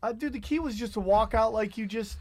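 A man's voice: high voice, fairly quick, a little mellow, dry recording. A man in a podcast studio chatting casually, laid-back and full of profanity.

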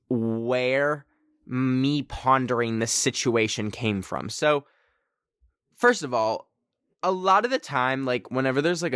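A man hosting a casual solo podcast from a friend's darkened bedroom, rambling and self-mocking, his pitch jumping up suddenly. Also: fairly bright tone, dry recording, studio quality. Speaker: podcast host.

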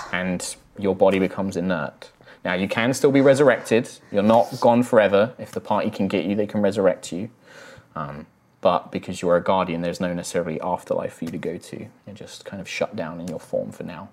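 A man's voice: low voice, steady tone, brisk, darkish tone, soft background music. A man narrating as game master of a tabletop game, in a loose, conversational way.

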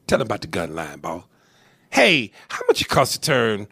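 Animated gravelly New host. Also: male voice, fairly low pitch, moderate pace, dry recording, clean studio sound. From New York. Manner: animated, mimics accents, repeats words. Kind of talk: casual comedic podcast chat.

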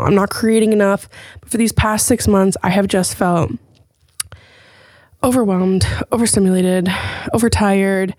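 Woman host just chatting away, swears a lot, tells stories all animated, super dry close sound. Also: fairly high pitch, no room sound. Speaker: podcast host. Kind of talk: casual chat.

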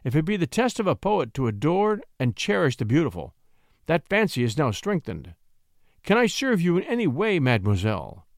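A man's voice: on the high side, sing-song, moderate pace, no room sound. Brief: male reader voicing an earnest young shepherd-poet, heartfelt, dry close recording.

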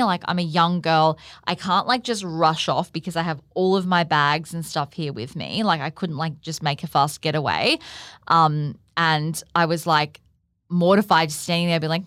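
A woman's voice: on the low side, moderate pace, fairly bright tone, no room sound, studio quality. A woman hosting a podcast, telling a personal story in a chatty way with lots of "like" fillers. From Australia. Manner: chatty, leans heavily on "like" fillers. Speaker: podcast host. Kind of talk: casual storytelling monologue.

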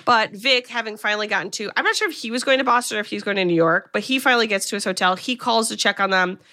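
A woman with a bright, clear voice, chatting casually as a podcast co-host. She walks through a film's plot in a chatty way, swears casually and quotes the characters with small shifts in her voice. Her pitch sits in the middle range. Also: quick pace. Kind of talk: casual chat, retelling a film plot.

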